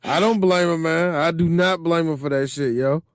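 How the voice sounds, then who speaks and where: A man's voice: fairly high pitch, moderate pace, clean tone, no room sound, clean studio sound. A man co-hosting a movie podcast, chatting loosely, laughing often and acting out scenes. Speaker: podcast co-host. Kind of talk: casual movie podcast chat.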